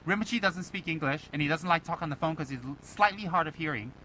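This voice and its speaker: A man, a Buddhist lama, giving an informal dharma talk to his students. He fires off rhetorical questions and mimics his critics in an animated, teasing way. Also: fairly high pitch, fast, a little hiss or hum, poor audio.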